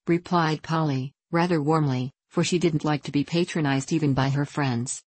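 A woman narrating a classic novel in a measured, steady reading voice. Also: low-pitched, husky, no echo. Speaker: audiobook narrator.

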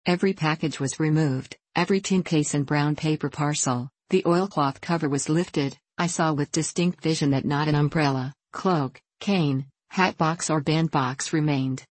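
A woman narrating a classic novel in the first person, with a measured, deliberate reading. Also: sits low, darkish tone, no room sound, low-quality recording. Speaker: audiobook narrator.

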